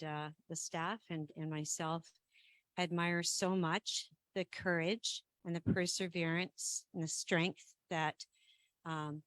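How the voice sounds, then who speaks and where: Woman running a council meeting, lowish voice, lots of ums and restarts, dry room sound. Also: a bit bright, dry recording. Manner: measured, with frequent ums and restarts. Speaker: council chair. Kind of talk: formal meeting chairing.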